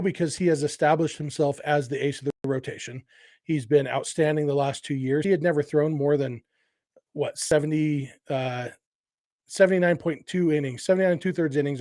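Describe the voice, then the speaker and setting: A middle-aged man chats through a sports podcast in a casual, think-out-loud way, full of fillers and small restarts. His voice sits a little high for a man. The recording is close and dry, with no room sound. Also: no room sound. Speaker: podcast host.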